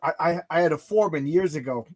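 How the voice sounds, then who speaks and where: A man's voice: on the high side, fast. A man in casual chat, telling rambling anecdotes and acting out the people in them. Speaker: podcast host, comic artist.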